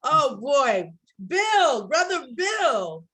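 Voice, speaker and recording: A high-voiced woman co-hosting a poetry event over a video call. She is effusive, heaps praise on each poet and laughs easily as she hands over to the next reader. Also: sing-song, extremely slow, a bit bright. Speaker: co-host. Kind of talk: casual chat.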